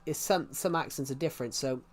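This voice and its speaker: A man's voice: fairly high pitch, brisk. A man streaming a game and chatting casually with his viewers, answering their questions. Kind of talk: casual livestream chat.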